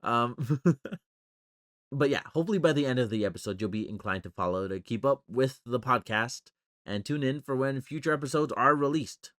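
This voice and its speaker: A man's voice: mid-range voice, lively intonation, moderate pace, fairly bright tone, no echo, studio quality. A man hosting his own podcast, rambling and joking about himself in a casual monologue. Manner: rambling, joking and self-deprecating. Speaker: podcast host.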